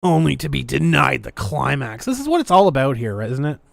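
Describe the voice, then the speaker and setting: A woman's voice: a bass voice, big pitch swings, brisk, gravelly, no echo. A woman hosting a podcast, ranting in a sarcastic, defiant way as she comments casually. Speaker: podcast host.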